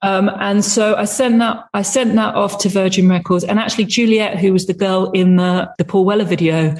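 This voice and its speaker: A woman, a music video director, talking as an interview guest, lively and laughing often as she tells her stories. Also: medium pitch, moderate pace. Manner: lively, laughs often, acts out quoted voices. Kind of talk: animated storytelling in conversation.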